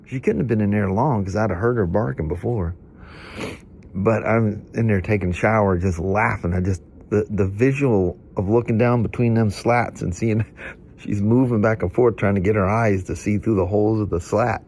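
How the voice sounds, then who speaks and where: Middle-aged guy vlogging, kinda low voice, stuffed up from hay fever, folksy rambling chat, faint hum behind. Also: moderate pace, a little mellow. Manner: folksy, chatty, laughs through stories. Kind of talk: rambling casual storytelling.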